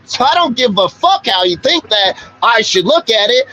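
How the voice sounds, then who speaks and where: A man's voice: extremely high pitch, sing-song, moderate pace, hardly any pauses, sharp tone, muffled recording, a little hiss or hum. A man hosting a live-stream show, ranting in an aggressive, profane, confrontational way. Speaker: livestream show host.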